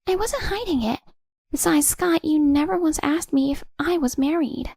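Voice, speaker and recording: Woman putting on a whiny high mistress voice, defensive excuses, a bit gravelly. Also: normal speed, a little mellow, no echo, clean studio sound. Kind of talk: audiobook narration.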